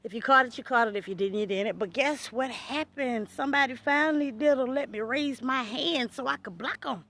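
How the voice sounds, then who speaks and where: A woman's voice: sits high, fairly quick, a bit bright. A woman vlogging straight to her viewers in casual talk, blunt and chatty, swearing freely and calling them y'all and you guys. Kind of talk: casual direct-to-camera talk.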